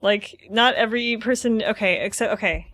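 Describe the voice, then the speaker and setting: A woman's voice: on the high side, moderate pace, fairly bright tone, dry recording. A young woman co-hosting a casual podcast, musing in a loose conversational way with lots of fillers. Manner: casual, uses "like" often, reflective. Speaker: podcast co-host. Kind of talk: casual chat.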